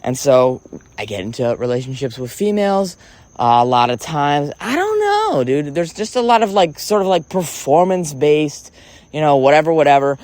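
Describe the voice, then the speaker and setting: Animated, theatrical man ranting. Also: on the high side, moderate pace, no room sound. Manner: theatrical, profane, self-interrupting. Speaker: vlogger. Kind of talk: rambling comic monologue.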